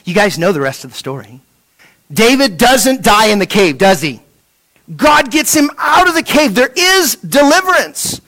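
A man preaching a sermon, asking rhetorical questions and repeating words as he restarts, dropping from a raised voice to a hush. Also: sits high, big pitch swings, normal speed. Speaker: pastor.

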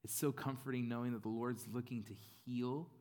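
A male pastor preaching in a relaxed, chatty way, full of "like" and "you know." His pitch sits in an ordinary middle range, neither deep nor high. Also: fairly quick. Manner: casual, conversational preaching with fillers and playful acted-out voices. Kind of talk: sermon.

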